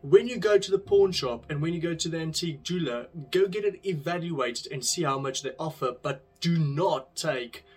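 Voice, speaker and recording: A man voicing a wise, wealthy father in a spoken parable, giving calm, patient instructions. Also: on the high side, normal speed, few pauses, breathy edge, faint music behind. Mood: instructing.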